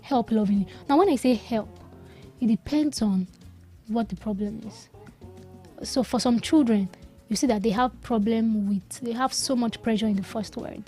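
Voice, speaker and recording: Nigerian woman speech therapist guest, bright voice. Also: on the high side, moderate pace, faint music behind. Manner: emphatic, repeats key advice. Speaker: speech and language pathologist guest. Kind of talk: radio interview, explaining.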